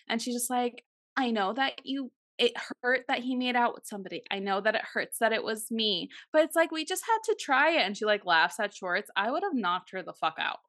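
Woman cohost ranting casually, bright punchy voice, swears a lot, super dry mic. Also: medium pitch, no echo. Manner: animated, swears freely, acts out quotes. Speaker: podcast co-host. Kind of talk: casual chat.

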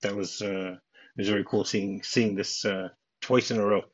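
Husky middle-aged male podcast host. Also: on the low side, fairly even intonation, moderate pace, dry recording. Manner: rambling, many restarts, chuckling asides. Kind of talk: casual film-discussion chat. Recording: dull, dry home-podcast audio.

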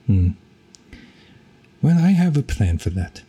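A man voicing a weary, stony male pirate captain who speaks quietly and in a measured way. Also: medium pitch, big pitch swings, husky, voice pushed up, heavily acted. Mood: grave.

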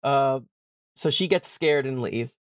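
A man's voice: mid-range voice, no echo, studio quality. A man hosting a podcast, casually retelling a book's plot, with swearing and slangy paraphrased dialogue. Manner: irreverent, swears, paraphrases characters in quick modern slang. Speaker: podcast host.

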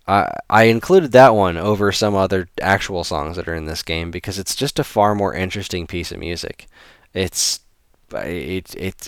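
A man with a very low, smooth voice, recorded close and dry. He talks casually and rambles, restarting sentences often while he gushes about a favorite track. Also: fairly bright tone, no echo. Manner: rambling, many restarts, enthusiastic. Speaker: host presenting video game music. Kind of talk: casual spoken commentary.

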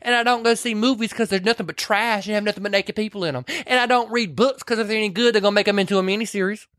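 A man's voice: sits high, steady tone, rapid-fire, no room sound, clean studio sound, voice pushed up. A man doing a cranky older Southern lady. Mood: grumpy. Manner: grumbling, sharp-tongued. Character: cranky older Southern woman, gruff and blunt.

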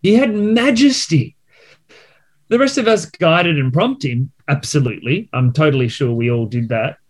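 A man's voice: medium pitch, lively intonation, normal speed. A man rehearsing lines for a play in long, rambling, theatrical speeches. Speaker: actor in a rehearsal. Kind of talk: theatrical line reading in rehearsal.

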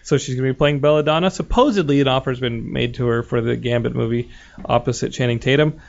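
A man's voice: mid-range voice, creaky, dull audio. A man hosting a podcast, chatting casually and joking with his guests. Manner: jokey, quick banter, laughs often. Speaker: podcast host. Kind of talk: casual chat.

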